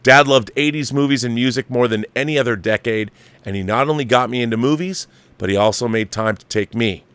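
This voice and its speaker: A man's voice: medium pitch, a little fast, a bit bright, smooth, dry recording. A man hosting a show, casually reading a viewer's letter aloud and breaking in with his own asides. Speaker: host reading viewer mail. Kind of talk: casual chat.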